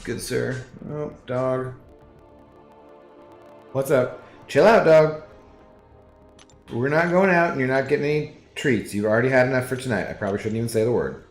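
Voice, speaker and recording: A relaxed male streamer talks through his game and answers chat in loose, wandering asides. His mid-pitched voice carries a roomy echo, with faint music playing underneath. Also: fairly quick. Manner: laid-back, rambling, reads chat aloud. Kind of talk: casual live-stream chat while gaming. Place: apartment living room.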